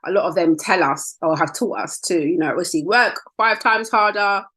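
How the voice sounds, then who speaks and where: A woman hosting a podcast, chatting in an affirming, animated way during an interview. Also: fairly low pitch, breathy edge. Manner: warm, affirming, quick and animated. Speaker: podcast host. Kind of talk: conversational interview.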